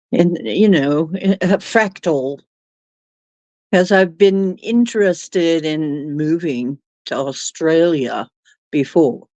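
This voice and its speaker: A woman's voice: on the low side, a little mellow, dry recording, lo-fi sound. A woman hosting a live stream, chatting casually with viewers and giggling often. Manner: giggly, laughs often while reading chat.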